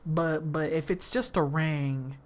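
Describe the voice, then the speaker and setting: A woman's voice: low-pitched, fairly even intonation, slow pace. A woman streamer chatting casually and crudely, swearing and joking as she reacts to a story. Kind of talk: casual live-stream chat.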